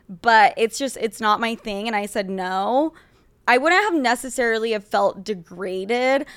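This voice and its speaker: A woman's voice: on the high side, no room sound. Blunt, profane young woman podcaster. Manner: blunt, profane and animated, reading listener letters aloud. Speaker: podcast host. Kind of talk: casual podcast advice chat.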